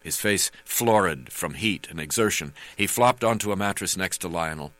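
A man reading his memoir aloud as narrator, halting with frequent fillers. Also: sits low, fairly bright tone, no room sound.

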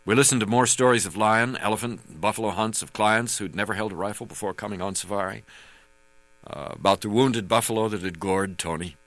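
A man reading his memoir aloud as narrator, halting with frequent fillers. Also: on the low side, a bit bright.

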